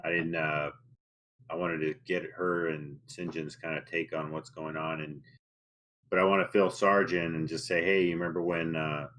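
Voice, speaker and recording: A man playing a tabletop game, describing his moves in a halting way, with many fillers. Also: extremely low pitch, level tone, fairly bright tone. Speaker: player. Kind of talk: casual tabletop game chat.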